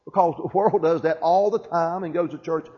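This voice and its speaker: Preacher, dull lo-fi sermon. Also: male voice, on the high side, fairly even intonation, normal speed, husky. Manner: call-and-response preaching with repeated "Amen?". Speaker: pastor. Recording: dull lo-fi church recording.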